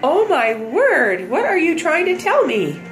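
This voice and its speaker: A woman's voice: high-pitched, huge pitch swings, a little slow, echoey room, loud music behind the voice. A mother using sing-song baby talk with her infant at home, coaxing and drawn out.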